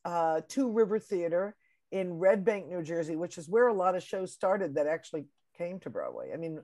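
An American woman with a lowish voice speaks as a guest over a video call. She talks in a relaxed, halting way, often letting phrases trail off and then starting again. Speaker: Broadway composer and musical director, guest. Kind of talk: casual interview chat.

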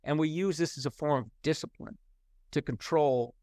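High-voiced man, dry and close. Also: normal speed, a little mellow, no room sound. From United States. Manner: thoughtful, many restarts and fillers. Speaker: interview guest, professor. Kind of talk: conversational interview.

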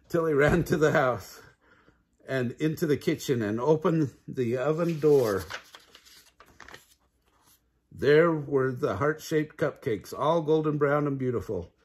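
A man's voice: a little high, slow pace, pauses often, breathy edge. An older man reading a children's storybook aloud, adding sound effects.

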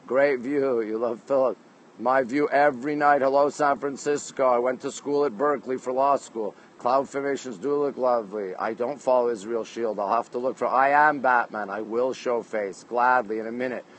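A talkative man from Canada livestreams outdoors on a rooftop at night, holding his phone at arm's length as he welcomes each viewer by the name of their town or country and replies warmly and cheerfully to their comments. He speaks at normal speed in a typical middle male pitch, and the sound quality is poor.

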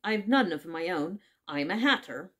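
A woman's voice: fairly low pitch, animated, normal speed, fairly bright tone. A woman voicing a nervous, trembling male hatter who pleads anxiously.

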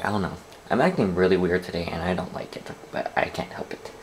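A man chatting to his camera for a daily vlog, rambling and complaining, with bursts of excitement. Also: deep voice, fast talker, noisy background. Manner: rambling, talks to camera, drifts between mumbling and excited outbursts. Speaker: vlogger. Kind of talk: casual vlog chat. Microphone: handheld camera.

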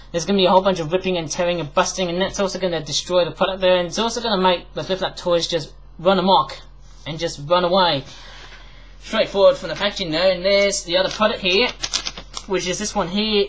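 A man's voice: high voice, fairly bright tone, poor audio. Man, from the UK, rambling toy-review vlogger, chatty, filler-heavy. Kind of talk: casual toy review vlog.

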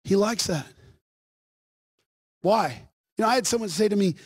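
A man's voice: high voice, moderate pace, long pauses, slightly rough. A man preaching a sermon as pastor, mixing joking asides with emphatic, pressing points.

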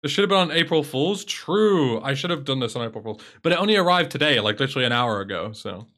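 A man's voice: medium pitch, lively intonation, quick pace, fairly bright tone. A man with an English accent chatting casually on a live stream, sarcastic and swearing freely.

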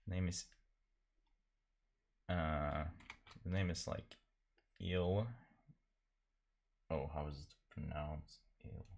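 A man's voice: rumbling low, fairly even intonation, drawn-out words, gravelly, long pauses, darkish tone. A man chatting casually while painting on a live stream, rambling and self-deprecating, laughing often.

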